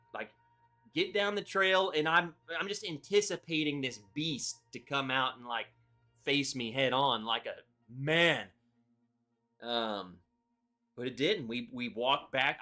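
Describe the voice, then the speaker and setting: A man hosting a livestream, telling a story in an animated, excitable way with lots of "like"s. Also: fairly high pitch. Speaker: livestream host.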